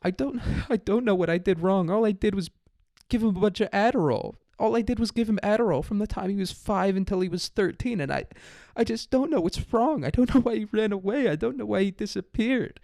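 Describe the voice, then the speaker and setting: A man's voice: brisk, creaky, a little mellow, dry recording, clean studio sound. A man putting on the voice of a distraught, whiny parent of a runaway kid for a comedy podcast bit. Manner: high, pleading, self-pitying whine.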